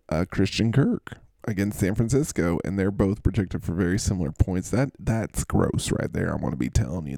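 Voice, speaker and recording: A man's voice: low-pitched, vocal fry, warm tone, no room sound. A man hosting a fantasy football show, breaking down matchups in a playful, teasing and theatrically gushing manner. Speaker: podcast host.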